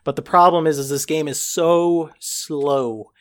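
A man reviewing a video game in a casual podcast chat, animated and emphatic, with a joking tone. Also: fairly high pitch, unhurried.

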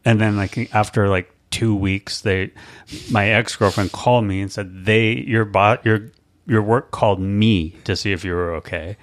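A man hosting a podcast, talking in a rambling, halting way full of fillers and restarts. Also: fairly low pitch, steady tone. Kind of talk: casual podcast chat.

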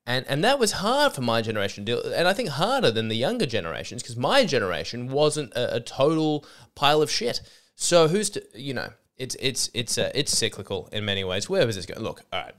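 A man's voice: mid-range voice, sing-song, fairly quick, fairly bright tone. A man, feeling a little sick, telling a rambling, sweary comedy story as a podcast host. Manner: rambling, self-interrupting, sweary.

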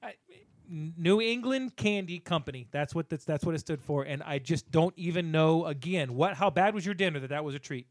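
A man's voice: a little high, expressive, a little fast, dry recording, clean studio sound. A man co-hosting a casual podcast chat, swearing and bursting into mock outrage.

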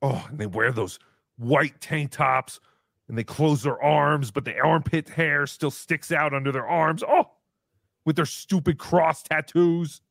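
A man's voice: a little high, measured pace, vocal fry, a bit bright, dry recording, clean studio sound, exaggerated voice. A man voicing a brash, boastful comic character who talks about himself in the third person while hosting a livestream. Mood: excitable. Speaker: show host character. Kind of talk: livestream comedy banter.

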